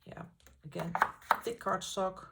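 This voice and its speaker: A woman, hosting a colouring channel and paging through her books in a casual, enthusiastic way, pausing often on fillers. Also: mid-range voice, steady tone, vocal fry, heavy background noise. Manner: enthusiastic, halting with frequent fillers. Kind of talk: casual book flip-through.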